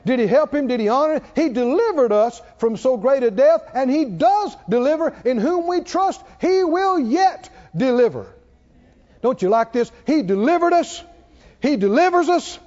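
A man preaching a sermon with passion, swinging from quiet low passages to loud peaks. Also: expressive, moderate pace. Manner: impassioned, rising to loud peaks and dropping low. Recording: dull lo-fi sound.

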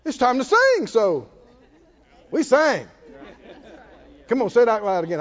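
A male preacher delivering a sermon, exhorting his listeners and breaking into shouted laughter. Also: high-pitched, very animated, normal speed, long pauses, dull audio, a faint crowd.

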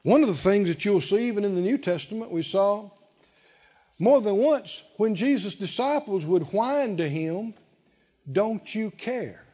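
Guy preaching a sermon, high voice that swoops around a lot, kinda dull lo-fi sound. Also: animated, moderate pace, warm tone, big-room sound. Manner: emphatic, call-and-response preaching.

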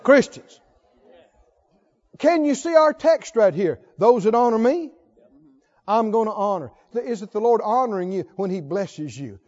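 Man preaching a sermon, very high voice, rising to shouts, dull lo-fi recording. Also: expressive, unhurried. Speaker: pastor.

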